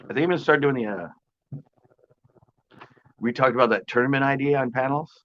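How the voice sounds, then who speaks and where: A man's voice: mid-range voice, brisk, lo-fi sound. A man hosting a live fishing stream from his porch, chatting casually with viewers, joking and sarcastic, with frequent laughs. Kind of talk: casual live-stream chat, reading comments.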